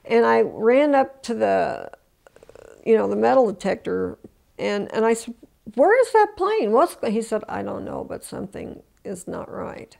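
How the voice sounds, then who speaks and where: A woman's voice: mid-range voice, lively intonation, unhurried, creaky, a little mellow. An older woman in an oral history interview, telling her story with emotion, restarting often and acting out the voices she quotes. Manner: emotional retelling with many restarts.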